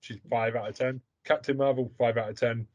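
A man's voice: mid-range voice, steady tone, a little fast, dull audio. A man hosting a podcast, talking bluntly and provocatively in crude casual chat. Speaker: podcast host.

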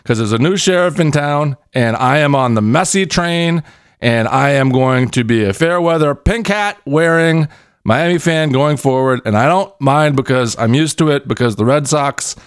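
Brief: male podcast host, fairly high voice, sarcastic comic rant, dry close sound. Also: moderate pace, clean tone, no echo. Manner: sarcastic, swinging between shouting and muttering. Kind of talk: comedic sports podcast rant.

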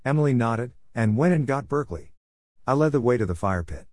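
A man reading a story aloud in a steady, even manner, as an audiobook narrator. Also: medium pitch, brisk, dry recording. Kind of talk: scripted narration.

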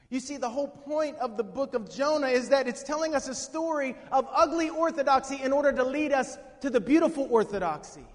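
A man preaching a sermon with dynamic swings from hushed to shouting, asking the congregation questions. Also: very high voice. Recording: long reverb of a hall.

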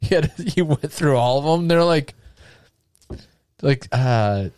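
A man's voice: medium pitch, animated, slow, a little mellow, smooth, no echo, clean studio sound. A man telling casual, profane travel anecdotes in a podcast chat, acting out the people in his stories.

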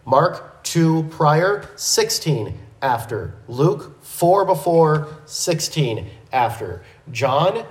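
A man teaching a verse-by-verse Bible lesson in a measured, methodical way, with small restarts. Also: medium pitch, reverberant, low-quality recording.

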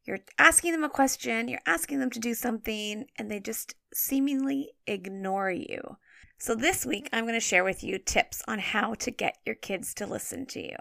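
A woman in her forties hosting a parenting podcast, talking in an energetic, encouraging and chatty way. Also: on the high side, normal speed, creaky, no room sound. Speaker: podcast host and parenting coach. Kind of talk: upbeat podcast monologue.

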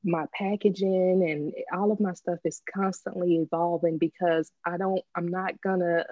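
A woman's voice: lowish voice, fairly even intonation, normal speed, dry recording. A woman with a Southern accent from Texas, chatting as a podcast guest. She sounds candid and encouraging and laughs often between thoughts. The audio is dry and slightly muffled, like a remote call. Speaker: podcast guest, small business owner. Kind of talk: casual interview chat.

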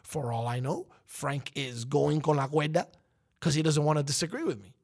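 A man's voice: a little high, moderate pace, gravelly, darkish tone. A man hosting a talk show, delivering an emphatic, preachy opinion monologue that rises to outbursts. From United States.

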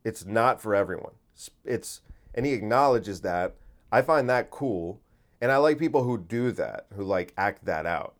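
A man's voice: on the low side, animated, unhurried. A man hosting a podcast, talking in a rambling casual monologue, full of fillers and swearing. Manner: rambling, many fillers, profane. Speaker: podcast host.

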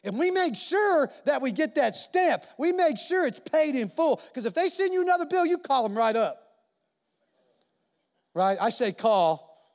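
A male pastor preaching a sermon in a church, animated and emphatic, repeating key phrases for weight. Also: very high-pitched, measured pace. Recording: long reverb of a large hall.

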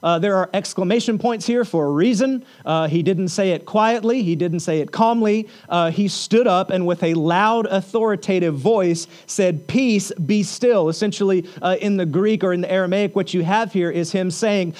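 A man's voice: high-pitched, normal speed, hardly any pauses, a little mellow. A man preaching a sermon as pastor, earnest and repetitive, reading scripture and building to emphatic points. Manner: earnest preaching with repeated phrases.

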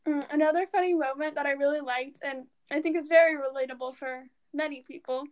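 Young woman cohost, high voice, giggly, keeps acting out movie bits. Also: steady tone, fairly quick, lo-fi sound. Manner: giggly, acts out movie lines. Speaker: podcast co-host. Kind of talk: casual chat.

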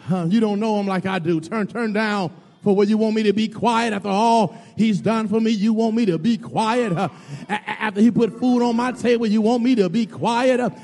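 Male preacher, very high gravelly voice, call-and-response sermon, long church reverb. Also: normal speed. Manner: call-and-response preaching, shouting and dropping low; repeats words and addresses the congregation as y'all. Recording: reverberant hall with music under.

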